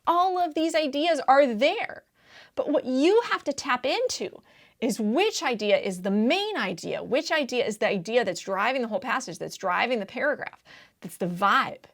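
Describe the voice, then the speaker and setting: A woman tutoring test prep walks through reading answers in a casual, slangy, emphatic way, constantly checking in with "right?" Her voice is a little high with big pitch swings, vocal fry, and a fairly bright tone at a moderate pace.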